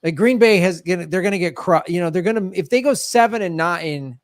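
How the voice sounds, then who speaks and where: A man's voice: sits high, fairly quick, no echo, studio quality. A man from Chicago hosting a podcast, riffing in casual chat with emphatic remarks. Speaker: podcast host.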